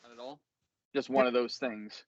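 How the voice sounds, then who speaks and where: A man in his thirties hosting a casual chat on a video call, relaxed and agreeable, swearing casually. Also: mid-range voice, moderate pace, no room sound. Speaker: podcast host. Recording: dull dry video call audio.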